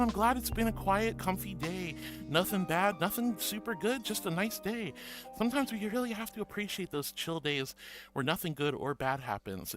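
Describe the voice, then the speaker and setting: A woman's voice: lowish voice, fairly bright tone. A woman VTuber streamer chatting casually and affectionately with viewers, bubbly and self-deprecating, with a stuffy nose from allergies. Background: background music.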